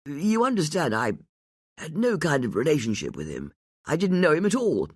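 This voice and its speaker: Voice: mid-range voice, wildly swooping pitch, moderate pace, husky, no echo, clean studio sound, voice pushed up. The audiobook narrator voicing a pompous middle-aged lord who drawls and stammers through evasive answers. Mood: flustered.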